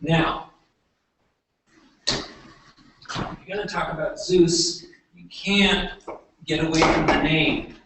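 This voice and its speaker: A man giving a classroom lecture, talking haltingly with many fillers and restarts. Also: fairly high pitch, fairly even intonation, creaky, very noisy. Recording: echoey room, voice from far off.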